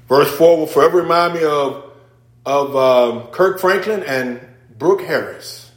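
Lively preacher in an echoey church. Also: male voice, a little high, slow pace. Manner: dynamic preaching, swinging from hushed to near-shouting; informal, conversational asides with the congregation. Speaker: pastor. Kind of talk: sermon.

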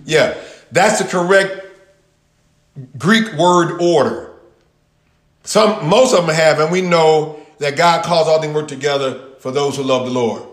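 A man teaching a Bible passage in sermon style, repeating key words with long pauses and talking back and forth with his listeners. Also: a little high, reverberant. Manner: talks with the audience, answers their replies. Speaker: pastor teaching a Bible study.

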